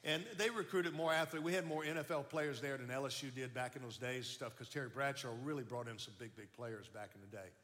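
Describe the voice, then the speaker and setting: Older man telling his story, bright. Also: mid-range voice, fairly quick, hardly any pauses. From Baton Rouge, Louisiana. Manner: animated, folksy, repeats words in restarts. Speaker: speaker giving testimony. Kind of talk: storytelling testimony. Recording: long hall reverb.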